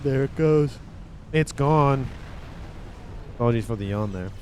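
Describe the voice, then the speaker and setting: Male game caster, mid-range voice, casual and excitable play-by-play over faint background hiss. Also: mid-range voice. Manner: excitable, quick reactions, often exclaims "oh". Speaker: game commentator. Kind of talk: casual replay commentary.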